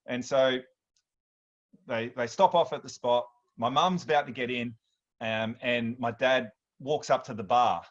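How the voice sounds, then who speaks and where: A man in his thirties with an Australian accent, hosting a workshop and telling stories in a chatty, animated way, often restarting his sentences. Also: medium pitch, unhurried, highs cut off. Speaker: workshop host. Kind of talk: casual storytelling talk.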